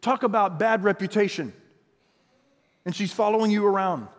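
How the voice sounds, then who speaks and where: Man, pastor, earnest sermon, high voice, long hall reverb. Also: normal speed. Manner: earnest preaching, reads scripture aloud, stretches words for emphasis.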